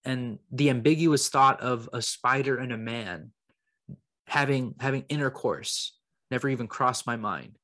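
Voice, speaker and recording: A young man co-hosting a comedy podcast, spinning absurd claims with a mock-serious, deadpan delivery. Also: mid-range voice, measured pace, no room sound, studio quality. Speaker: podcast co-host. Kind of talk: improvised comedy podcast chat.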